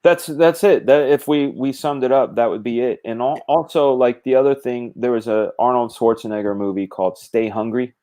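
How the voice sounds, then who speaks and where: A man's voice: medium pitch, normal speed, hardly any pauses, mellow. A middle-aged man in casual conversation, animatedly explaining drawing craft with gestures and quoted thoughts. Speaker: comic book artist guest.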